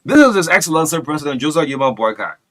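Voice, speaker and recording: A man hosting a breakfast talk radio show, emphatic and repetitive, swinging between loud and soft. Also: a little high, sing-song, racing. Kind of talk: animated talk radio commentary.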